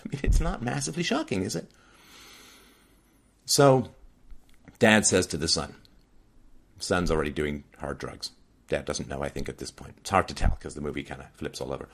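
A man with a very low voice delivering a film review as commentary. He talks emphatically, often repeating a phrase to drive his point home.

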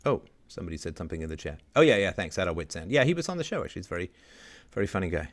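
Low-voiced man ranting emphatically. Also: very fast. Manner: animated, emphatic, mimics other voices. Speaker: host of a roundtable discussion. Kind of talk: casual panel discussion, ranting.

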